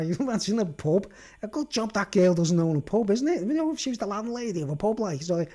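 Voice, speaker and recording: At a normal speed, his high, warm voice takes on a sing-song lilt. This vlogger rambles through a casual rant, laughing often and tagging his sentences with "right?" and "mate."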